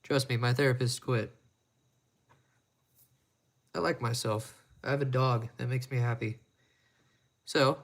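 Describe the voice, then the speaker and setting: Livestreamer fixing watches, a man with crude self-mocking humor and a gravelly edge. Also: mid-range voice, steady tone, a little slow, long pauses. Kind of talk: casual live-stream chat while working.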